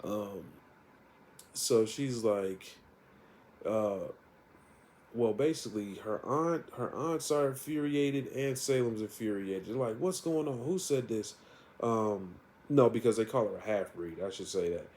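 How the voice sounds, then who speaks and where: A man's voice: on the low side, a little slow, darkish tone. Laid-back man rambling about a comic. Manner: rambling, with many fillers and laughs. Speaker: comic reviewer. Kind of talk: casual comic retelling.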